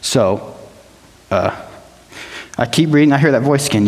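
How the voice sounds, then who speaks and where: A man telling his personal testimony to a church gathering, plain-spoken and emotional, often halting and repeating himself. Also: mid-range voice. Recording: long hall reverb.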